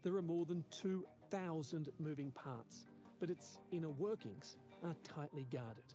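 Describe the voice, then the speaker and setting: A man reading a scripted news voice-over in an even, measured way. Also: fairly high pitch. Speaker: news narrator. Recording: dull lo-fi audio with faint music.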